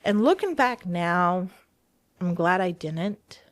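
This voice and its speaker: A woman, a guest in an interview, telling a personal story in a casual, animated way and acting out the dialogue she quotes. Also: on the low side, takes it slowly, no room sound.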